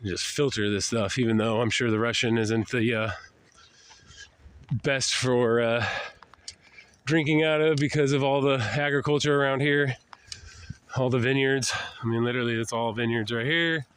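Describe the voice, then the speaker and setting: An older man with a head cold and a nasal voice, rambling in a casual walking vlog outdoors, often sighing and clearing his throat. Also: medium pitch, fairly even intonation, moderate pace, fairly bright tone. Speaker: traveling vlogger. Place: outdoors, walking along roads and a river valley.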